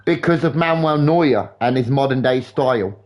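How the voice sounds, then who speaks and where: A young man streaming a game live, rambling in sweary, animated football banter. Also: medium pitch, normal speed. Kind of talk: casual chat while gaming live.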